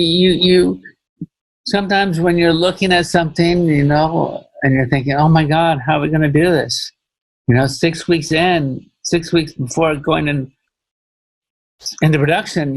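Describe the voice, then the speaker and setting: Husky man, rambling director. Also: a little high, measured pace, no room sound, rough recording. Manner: rambling, repeats phrases, many "you know"s. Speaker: film director guest. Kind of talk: casual podcast interview.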